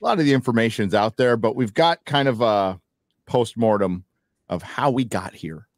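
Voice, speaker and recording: A man's voice: mid-range voice, moderate pace, no room sound. A man hosting a casual online panel show, rambling and swearing as he vents. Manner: rambling, profane, animated. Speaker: podcast host.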